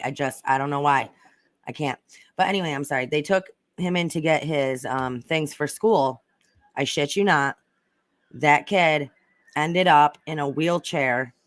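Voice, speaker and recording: A woman's voice: low-pitched, measured pace, dry recording, clean studio sound. Chatty woman livestreaming. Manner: chatty, rambling, swears freely. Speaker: livestream host reading chat. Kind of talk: casual chat.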